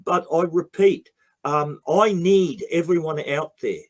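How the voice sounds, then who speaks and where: A man's voice: fairly high pitch, measured pace. An Australian man, a guest in a heated interview, speaking bluntly and emphatically with frequent swearing.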